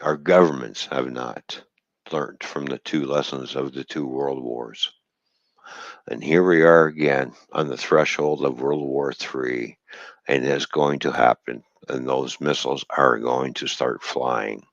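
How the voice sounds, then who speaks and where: Low-voiced man ranting angrily on stream. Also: fairly even intonation, a little slow, dry recording, lo-fi sound. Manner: profane, bitter, heated. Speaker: livestream host. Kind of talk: angry livestream rant.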